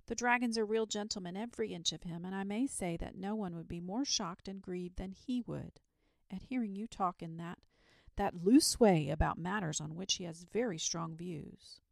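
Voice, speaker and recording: Lady reading as a worked-up little village boy, impatient and earnest, gravelly edge, dry close sound. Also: fairly low pitch, normal speed, dry recording. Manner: impatient, pleading, matter-of-fact.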